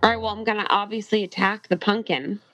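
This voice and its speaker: A woman's voice: mid-range voice, steady tone, quick pace, fairly bright tone, soft background music. A woman playing a tabletop game, talking bluntly and casually, swearing freely. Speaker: player.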